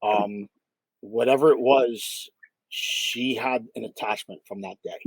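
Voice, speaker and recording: A man's voice: lowish voice, fairly even intonation, slow pace, gravelly, husky, no room sound, poor audio. A man, a paranormal investigator, telling a case story in a casual interview with many fillers and acted-out quotes.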